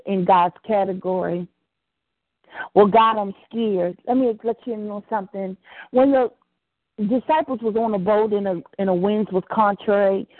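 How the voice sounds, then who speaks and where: A woman's voice: mid-range voice, no room sound. Fervent woman preaching over a phone line. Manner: fervent, rising into impassioned prayer. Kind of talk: preached prayer broadcast.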